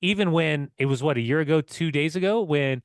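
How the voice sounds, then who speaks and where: Excitable man chatting football, dry sound. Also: fairly high pitch, a little fast, smooth, no echo. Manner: excitable, swears, laughs while telling stories. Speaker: podcast co-host. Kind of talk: casual football chat.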